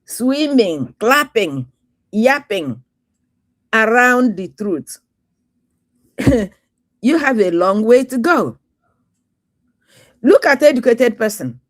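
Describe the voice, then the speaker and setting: Slow, angry Nigerian woman guest. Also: a little high, lively intonation, a little mellow. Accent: Nigerian, Igbo. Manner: angry, emphatic, lecturing. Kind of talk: casual talk show chat.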